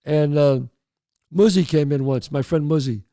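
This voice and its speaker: A man's voice: on the high side, normal speed, no echo, clean studio sound. A man hosting a show, telling neighborhood stories and giving advice, calling his listeners folks with emphatic asides. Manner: animated storyteller with emphatic asides. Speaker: host.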